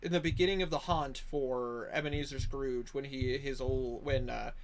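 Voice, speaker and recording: A man's voice: mid-range voice, steady tone, moderate pace. A man running a tabletop game as game master over voice chat, rambling with many fillers and restarts. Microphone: online voice chat.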